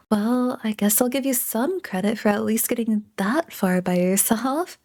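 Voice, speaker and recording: A woman voicing a bossy, sharp-tongued young tsundere girl in an ASMR role-play, talking with a sarcastic, mocking edge. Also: a little high, unhurried. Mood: sarcastic tutoring.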